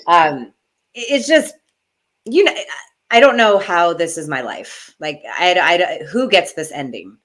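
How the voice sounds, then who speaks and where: A middle-aged woman with a low voice tells her stories in a casual interview. She gushes, and she sounds near tears throughout. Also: a bit bright. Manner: emotional, gushing, near tears. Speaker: guest, retired wrestler.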